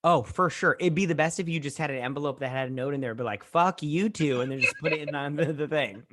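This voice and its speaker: A woman co-hosting a casual, drunk movie-review podcast, retelling scenes in a profane, animated way with acted-out asides. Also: low voice, quick pace, background noise. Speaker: podcast co-host.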